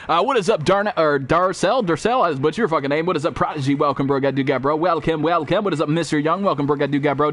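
A man's voice: on the high side, lively intonation, quick pace, few pauses, a bit bright. A young man streaming a game live, greeting viewers and joking in loose, profane, rambling talk. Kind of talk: live gameplay stream chat.

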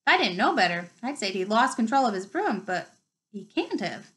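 A woman voicing a big gruff male groundskeeper who talks in a low, quiet mumble with country dialect. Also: sing-song, normal speed. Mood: worried.

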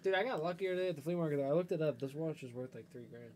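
A man co-hosting a podcast in casual comedic chat, laid-back and mumbling, trailing off quietly. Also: fairly high pitch, racing. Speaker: podcast co-host.

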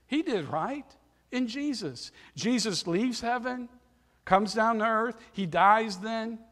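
A man preaching a sermon, reading scripture aloud and swinging between loud emphasis and softer passages. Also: high voice, long reverb tail. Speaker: pastor. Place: church sanctuary.

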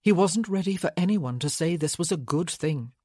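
An audiobook narrator reading a romance novel in a measured way. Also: mid-range voice, expressive, mellow, no echo, clean studio sound. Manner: slow, measured. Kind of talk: scripted narration.

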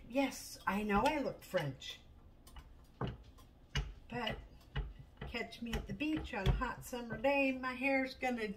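A woman's voice: fairly high pitch, slow pace, long pauses. A woman chatting casually while cooking at home in her kitchen, chatty and self-mocking, laughing often. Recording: distant mic with steady background noise.

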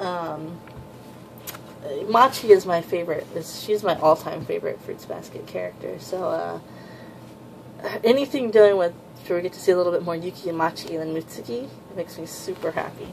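Gravelly-voiced woman gushing over a manga. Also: lowish voice, normal speed, slight background noise, rough recording. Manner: rambling, gushes with excitement. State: sore throat, clearing it. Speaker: manga collector showing a new volume. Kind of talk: casual unboxing chat.

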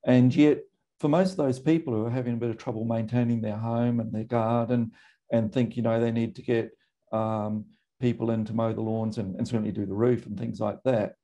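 A middle-aged Australian man, a GP, speaking in a measured, thoughtful way with frequent pauses and ums. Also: mid-range voice, fairly even intonation, mellow, highs cut off. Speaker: GP and medical association guest. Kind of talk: recorded conversation.

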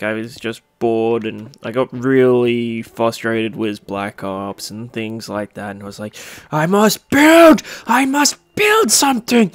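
A young man giving casual, rambling commentary over a game he is playing, full of fillers and excited outbursts. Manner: rambling, excitable, bursts into squeaky cutesy voices. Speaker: Minecraft let's-play host.

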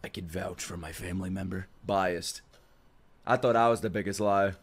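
A young man hosting a casual anime reaction video, excitable and laughing often, with plenty of swearing and exclamations. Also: low voice, normal speed, husky. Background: faint anime soundtrack playing.

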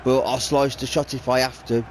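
A man's voice: mid-range voice, little pitch movement, a little fast, a little hiss or hum. A man commentating on his own football video game, swearing and venting his frustration. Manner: profane, frustrated outbursts at the game. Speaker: gaming video creator.

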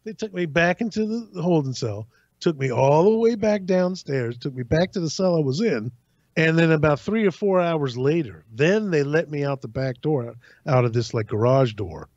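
A man casually telling a long personal story on a podcast, acting out other people's lines in an animated way. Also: on the high side, dry recording. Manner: animated, acts out voices in anecdotes. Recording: dry, slightly dull sound.

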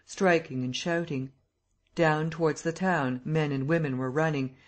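As an audiobook narrator, a man reads a classic novel aloud, telling the story steadily and evenly in a slightly high voice.

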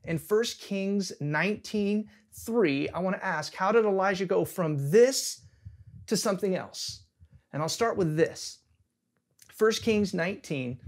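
High-voiced man preaching casually. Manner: conversational, humorous retellings. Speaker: pastor. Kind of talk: casual sermon. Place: church service.

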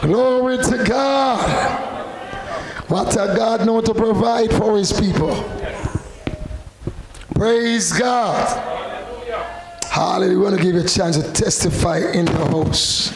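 Gravelly man exhorting in an echoey church. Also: high voice, fairly even intonation, a little fast, hardly any pauses, background noise. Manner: fervent, exhorting the congregation. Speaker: worship leader. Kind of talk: leading church worship and calling for testimonies. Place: church service. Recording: echoey church with loud band music.

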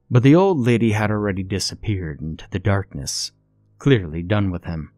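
A man reading a scripted horror story in a measured, ominous storytelling manner. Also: on the low side, expressive, a little mellow, dry recording, clean studio sound. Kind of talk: scripted narration. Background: faint music.

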